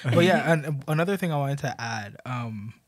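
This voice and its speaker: A young Canadian-born man talking in a relaxed podcast chat, lively and quick to laugh, leaning on fillers. His voice sits at an ordinary middle pitch. The sound is dry and close, with no room echo. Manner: animated, laughing, many fillers. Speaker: podcast co-host. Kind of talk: casual group chat.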